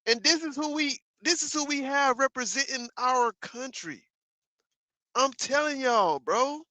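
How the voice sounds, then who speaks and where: Brief: male streamer, profane emphatic rant, bright voice, dry close sound. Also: very high-pitched, unhurried, no echo. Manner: profane, emphatic ranting with repeated asides to viewers. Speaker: livestreamer. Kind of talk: casual livestream commentary.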